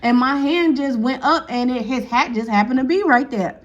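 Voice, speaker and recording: A woman's voice: sits high, moderate pace, lo-fi sound. A woman telling a casual storytime, acting out each person's lines and laughing often. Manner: animated, acts out quotes, laughs often.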